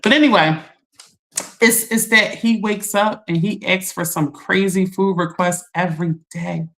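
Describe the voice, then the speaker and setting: A middle-aged woman hosts a livestream, chatting and reading out viewer comments while laughing and teasing. Her voice is fairly low and slightly bright, with fairly even intonation and a somewhat slow pace.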